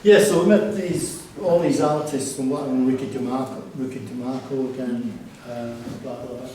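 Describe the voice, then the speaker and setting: A man's voice: medium pitch, fairly even intonation, normal speed, dark tone, a little hiss or hum. A man telling anecdotes about his life during a casual gallery talk, rambling with restarts and fillers. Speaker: artist and curator giving a gallery talk. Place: gallery exhibition space. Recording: echoey room from far off.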